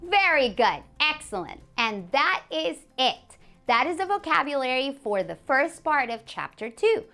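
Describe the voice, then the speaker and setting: A woman teaching a beginners' language lesson, a native Spanish speaker who says example phrases slowly and clearly and praises the learner. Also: sits high, sing-song, sharp tone, soft background music. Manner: clear, slow modeling of example phrases, encouraging.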